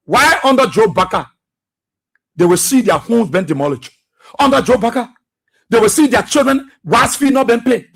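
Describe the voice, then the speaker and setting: Give me a man hosting a radio talk show. His voice sits very high and comes out husky and breathy. He delivers fiery political commentary and hammers his points home by repeating phrases. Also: expressive, normal speed, long pauses. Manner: preachy, impassioned, repeats phrases for emphasis.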